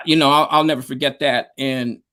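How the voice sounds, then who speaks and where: A man's voice: mid-range voice, fairly even intonation, fairly quick, pushed and bright. A man, a DJ and producer, telling stories in a casual interview, rambling with lots of fillers and slang over a video call. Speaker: guest, DJ and producer.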